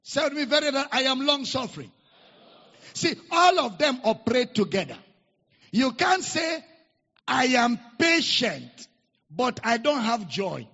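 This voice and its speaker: A man's voice: very high-pitched, big pitch swings, measured pace, sharp tone, slightly rough. A man with a Nigerian accent preaching a sermon, leading the congregation in call-and-response repetition. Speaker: pastor. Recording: echoey hall, dull lo-fi sound.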